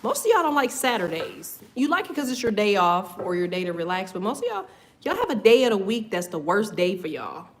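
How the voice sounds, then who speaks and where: A woman's voice: medium pitch, big pitch swings, fairly quick. A woman giving a casual tarot reading. She swears freely, laughs often and drifts off on tangents. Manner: loose, profane, laughs often, goes off on tangents. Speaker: tarot reader.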